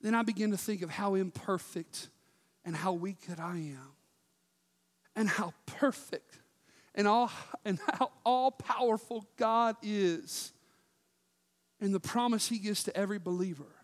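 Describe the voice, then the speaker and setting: A man preaching a sermon to his church, impassioned, swinging between loud shouts and hushed whispers. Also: sits high, measured pace, long reverb tail. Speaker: pastor.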